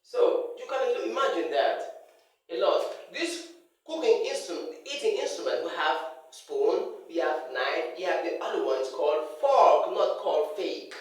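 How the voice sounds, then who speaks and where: Slow, lively teacher in an echoey hall. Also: mid-range voice. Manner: drills words by repeating them, contrasting wrong and right. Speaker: English pronunciation teacher. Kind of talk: pronunciation lesson. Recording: very echoey, from a distance.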